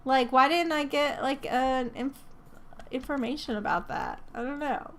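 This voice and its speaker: A woman with a fairly high voice plays through a life-sim game, giving casual commentary at an unhurried pace. She chats to her characters as if they could hear her and laughs often between remarks. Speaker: gaming channel host. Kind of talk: casual let's play commentary.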